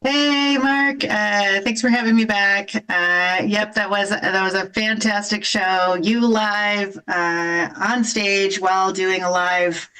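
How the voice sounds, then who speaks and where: A woman's voice: medium pitch, slow pace, few pauses, clear, resonant tone, low-quality recording. A woman comedian from the Midwest, chatting casually with lots of fillers before her set. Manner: relaxed, filler-heavy.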